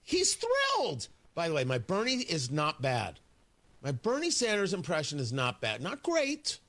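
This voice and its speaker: A man's voice: fairly high pitch, wildly swooping pitch, normal speed, fairly bright tone. A man hosting a morning talk radio show in a studio, delivering an indignant, sarcastic monologue with emphatic jabs. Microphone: studio microphone.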